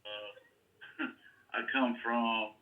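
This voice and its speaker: A man parent in a group session, answering slowly between laughs. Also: medium pitch, level tone, phone-quality sound.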